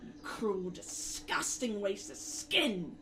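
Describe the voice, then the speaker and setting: A woman's voice: medium pitch, lively intonation, slow pace, a bit bright, distant mic, slight background noise. A woman voicing a haggard, horned female hag who cruelly taunts a captive with spiteful rage. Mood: taunting rage.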